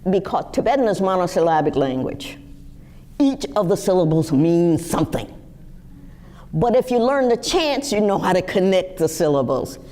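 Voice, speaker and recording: A woman in her sixties telling personal stories to a live audience in a lively, animated way. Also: normal speed. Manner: lively, animated storytelling with wide pitch swings. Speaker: guest speaker. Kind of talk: storytelling talk to a live audience.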